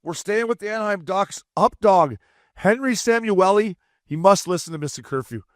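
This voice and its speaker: A man co-hosting a casual hockey podcast as a former player, swearing freely and breaking into animated impressions. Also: sits high, normal speed, dry recording, clean studio sound.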